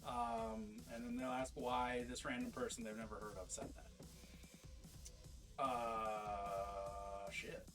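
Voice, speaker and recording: A man's voice: mid-range voice, slow, music in the background. A man chatting casually on a live stream while painting miniatures, rambling, interrupting himself and swearing freely.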